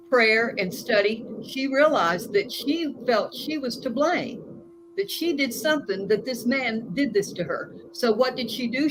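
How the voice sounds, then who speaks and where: A woman life coach, a guest in an interview, telling stories in an earnest, emphatic way. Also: on the high side. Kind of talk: conversational interview. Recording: noisy recording.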